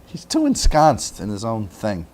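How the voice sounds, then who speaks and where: A man hosting a podcast, prodding his guests with questions and wisecracks in a lively way. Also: on the low side, unhurried, soft background music. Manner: lively, wisecracking interviewer who prods with questions. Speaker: podcast host. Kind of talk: conversational podcast chat.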